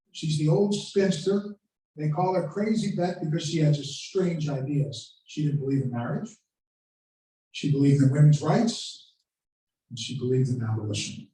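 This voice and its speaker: A man's voice: a little high, dark tone. Echoey, far-off man lecturing on history. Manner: storytelling, dramatic quoting of speeches. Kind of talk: history lecture to a live audience. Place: lecture room at a country club.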